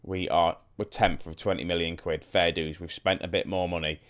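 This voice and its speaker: A young man with a very deep voice talks his viewers through a football management game. He rambles and thinks aloud in an easy, chatty way, asking them questions as he clicks through menus. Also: little pitch movement, normal speed, fairly bright tone. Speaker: gaming YouTuber. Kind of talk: casual let's-play commentary.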